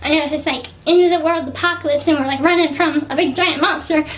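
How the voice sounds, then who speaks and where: A young woman in her twenties speaking into a self-recorded video, soft and hesitant, with many fillers and restarts and an earnest, devoted tone. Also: high voice, fairly even intonation, fast, a little hiss or hum, low-quality recording. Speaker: person recording a private video message. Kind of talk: casual spoken video message. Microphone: self-recorded video camera.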